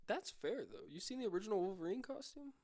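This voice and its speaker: A man's voice: high-pitched, expressive, quick pace, darkish tone. A man co-hosting a casual podcast chat, teasing and skeptical in a laid-back way.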